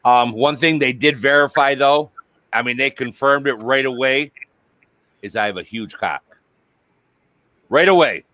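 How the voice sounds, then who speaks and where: A man's voice: medium pitch, unhurried, long pauses, pushed and bright, no echo. A man hosting a casual live-stream chat, joking crudely and swearing freely. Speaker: host.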